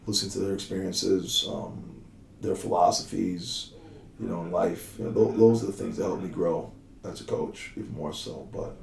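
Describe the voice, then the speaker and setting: Thirties male coach, low and gravelly, lively storyteller, recorded off-mic in an echoey office. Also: moderate pace, distant mic. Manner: animated storyteller who acts out dialogue. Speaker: strength and conditioning coach. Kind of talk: casual podcast conversation.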